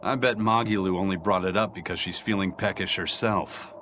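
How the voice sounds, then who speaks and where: An actor voicing a stern, seasoned male fighter in a video game, speaking in a gruff, calm, matter-of-fact way. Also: sits low, fairly quick, slight background noise. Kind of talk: game voice acting.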